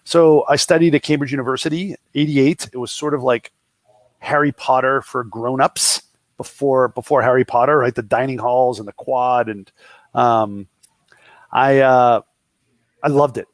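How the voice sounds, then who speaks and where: A man's voice: mid-range voice, dry recording. A man in his fifties from the Boston area with a Boston accent, telling jokey stories as an interview guest and voicing the people in them. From Boston area, USA. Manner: joking anecdotes with voiced quotes of others. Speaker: guest, entrepreneur. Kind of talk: casual interview storytelling.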